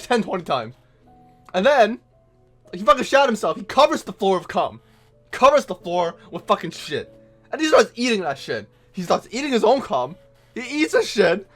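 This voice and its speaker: High-voiced, lively exasperated man. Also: normal speed, faint music behind. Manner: exasperated, swings from shouting disbelief to muttering. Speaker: online reviewer. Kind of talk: profane reaction rant.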